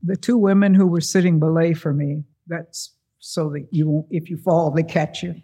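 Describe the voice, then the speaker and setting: A man with a slightly higher-than-usual voice and a gravelly texture tells a personal story to a live audience. He is animated and acts out the other voices in the tale. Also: moderate pace.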